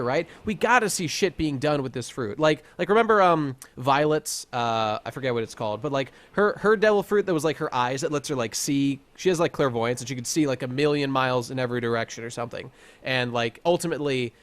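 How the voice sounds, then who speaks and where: A young man co-hosting a casual podcast, talking excitedly with lots of stammered restarts. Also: medium pitch. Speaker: podcast co-host. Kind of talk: casual chat.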